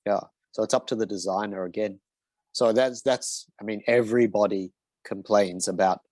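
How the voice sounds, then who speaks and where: A man's voice: on the low side, steady tone, moderate pace, a little mellow, no room sound. Hesitant man mentor, dry close sound. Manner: hesitant, lots of fillers and restarts. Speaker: design mentor answering questions. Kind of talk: casual Q&A in an online session.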